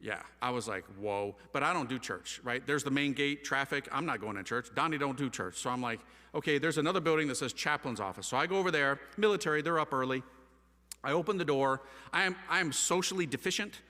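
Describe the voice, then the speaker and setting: A middle-aged man telling a personal story with lively, self-mocking energy, often acting out other people's voices. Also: medium pitch, fast talker. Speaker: speaker telling his conversion story. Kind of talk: animated storytelling talk. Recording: long hall reverb.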